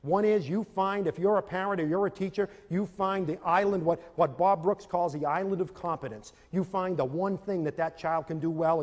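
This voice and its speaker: A man giving a motivational lecture to parents and teachers, telling stories animatedly and acting out scenes. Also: high voice. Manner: animated storytelling, acts out scenes with audience volunteers. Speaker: speaker on self-esteem for parents and teachers. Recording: long reverb of a large hall.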